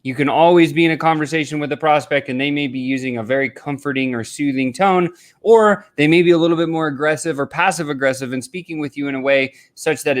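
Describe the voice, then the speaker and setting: A man hosting a sales training video, talking straight to camera with energy and swooping emphasis. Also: mid-range voice. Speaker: sales coach. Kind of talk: direct-to-camera sales lesson.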